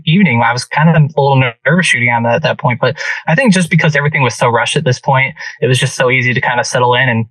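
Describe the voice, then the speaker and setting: A man on a podcast telling a hunting story in an animated, casual way, with many restarts. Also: mid-range voice, dry recording, recorded from a distance, rough recording. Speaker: podcast guest.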